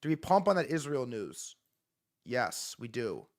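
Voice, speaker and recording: A man hosting a live stream, reacting to news in excitable, profane commentary and repeating words in rapid bursts. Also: medium pitch, no echo, clean studio sound. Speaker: livestream host.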